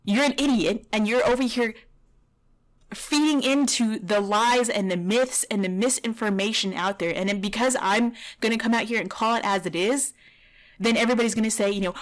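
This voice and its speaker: A woman's voice: on the high side, moderate pace. A woman dog trainer giving blunt, heated reaction commentary over a video, swearing at times.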